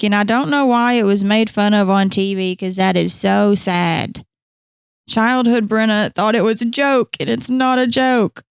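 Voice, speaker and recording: A woman's voice: on the high side, darkish tone, dry recording, clean studio sound. A woman co-hosting a podcast in casual chat, swearing freely and laughing often. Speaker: podcast co-host.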